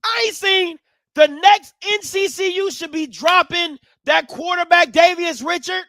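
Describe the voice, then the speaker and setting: A man hosting a live sports talk stream, swinging from low musing to loud, animated ranting. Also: unhurried, dry recording. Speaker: sports commentary host.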